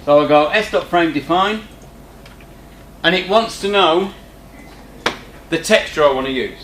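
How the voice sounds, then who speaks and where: A man walks through a coding tutorial in a loose, chatty way and drops in joking asides to the class. His voice sits a little higher than most men's. The room is echoey, with a faint hum behind him. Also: lively intonation, unhurried, fairly bright tone. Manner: chatty, informal, teasing asides. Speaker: teacher. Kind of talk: screen-recorded coding tutorial. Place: classroom with students present.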